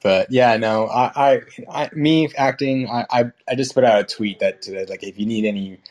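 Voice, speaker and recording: A man's voice: medium pitch, moderate pace, darkish tone. A young man in casual conversation, rambling with restarts and fillers, frank and swearing casually. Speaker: guest.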